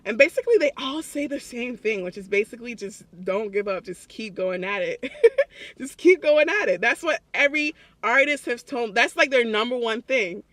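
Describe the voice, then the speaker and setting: A young man telling a story to his phone camera in a public place, excited and chatty, often breaking into laughs. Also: very high voice, moderate pace, dry recording. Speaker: vlogger. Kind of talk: casual vlog storytelling.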